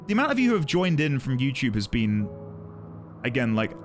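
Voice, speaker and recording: A man's voice: medium pitch, very animated, brisk, music in the background. A man streaming a game, rambling and flustered as he thanks his chat effusively.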